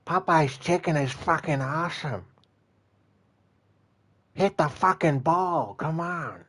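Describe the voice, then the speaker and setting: A man's voice: on the high side, slow, a bit bright, pitched above the performer's own voice. A man doing a goofy comedic impression of a dopey young guy who talks out of the side of his mouth, in a raised voice. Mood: rowdy. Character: mumbling, dopey young male misfit, sidelong talker.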